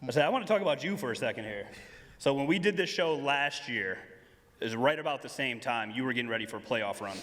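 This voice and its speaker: A man co-hosts a live show and puts his questions in a measured, deliberate way. His pitch is ordinary. His voice rings out with a long reverb across a large hall. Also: lively intonation, fairly bright tone. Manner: measured, probing interview questions. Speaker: producer and co-host. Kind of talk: live stage interview.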